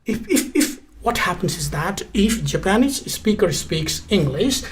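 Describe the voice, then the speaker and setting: A man's voice: high voice, very animated, measured pace. A man from Nepal with a Nepali accent, a guest English test teacher explaining emphatically, repeating his points and spelling words out letter by letter. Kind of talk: explanatory interview talk.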